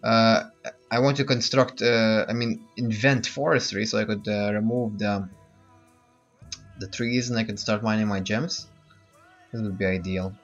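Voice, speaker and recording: A man's voice: lowish voice, steady tone, a little slow. A man giving casual gameplay commentary, thinking aloud and hesitating with many fillers. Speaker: let's play host. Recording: muffled lo-fi with game music.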